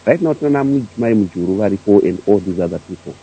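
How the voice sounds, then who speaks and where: Hesitant caller with a deep, gravelly voice. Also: male voice, expressive, brisk, warm tone, low-quality recording. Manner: hesitant, many uhs and restarts. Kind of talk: phone-in commentary.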